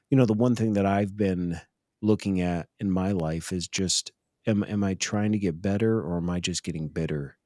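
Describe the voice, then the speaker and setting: Deep-voiced man hosting, dry sound. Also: a little mellow, no echo. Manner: reflective, frequent short affirmations. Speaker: podcast host. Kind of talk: interview conversation.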